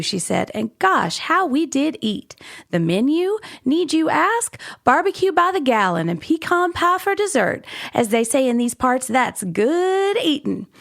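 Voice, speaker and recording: A woman's voice: high voice, gravelly, voice pushed up, exaggerated voice. A woman voicing a chirpy small-town gossip columnist, reading aloud in a light put-on Texan accent.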